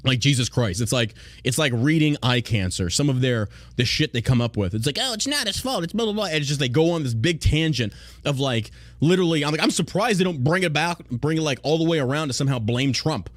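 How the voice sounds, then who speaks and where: A man's voice: mid-range voice, brisk, no room sound. A man hosting a podcast, talking bluntly and profanely in a mocking, opinionated rant. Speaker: podcast host.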